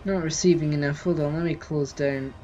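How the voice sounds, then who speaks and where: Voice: mid-range voice, fairly even intonation, fairly quick, mellow, dull audio. A streamer talks casually through a live gameplay session. They chat with viewers in a mid-range voice and answer questions as they come in. Faint music runs underneath. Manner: chatty, reads and answers chat while playing.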